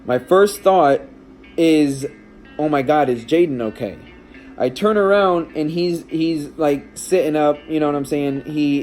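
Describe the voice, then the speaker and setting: Guy vlogging, kinda high mellow voice, shaken up, rambling and restarting a lot. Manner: rambling, with frequent restarts and fillers; shaken, emotional retelling. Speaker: vlogger and stepdad. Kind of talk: casual storytelling vlog.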